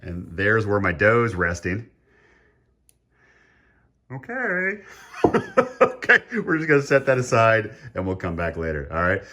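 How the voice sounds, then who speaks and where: A middle-aged man chatting casually as he cooks at home, laughing often and getting excited. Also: on the low side, measured pace, pauses often. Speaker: home cook. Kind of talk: casual cooking vlog.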